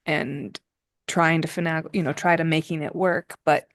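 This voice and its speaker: A woman's voice: low-pitched, fairly even intonation, moderate pace, dry recording, clean studio sound. A woman on a planning commission thinking aloud in a conversational way.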